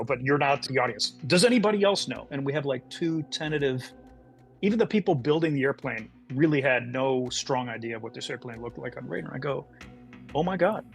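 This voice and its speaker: A man's voice: mid-range voice, brisk, vocal fry, soft background music. A middle-aged man, a podcast guest, telling a story in conversation and acting out the voices of the people in it.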